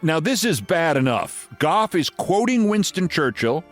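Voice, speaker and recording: Host in his sixties, lively pitch, sarcastic and theatrical, light music underneath. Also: measured pace. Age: 60s. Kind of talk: political commentary and story reading.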